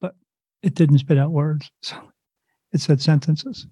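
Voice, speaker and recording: A man's voice: on the high side, measured pace, husky, dry recording. A man as an interview guest, telling a long personal story in a loose, rambling way, acting out what others said and adding sound effects. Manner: animated, rambling retelling with quoted dialogue and sound effects. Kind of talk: casual storytelling.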